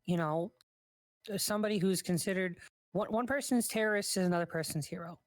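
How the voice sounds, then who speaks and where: Brief: woman role-player, lowish voice, dry close mic, reassuring in-character chat. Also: fairly quick, no echo. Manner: reassuring, talks through her character's actions.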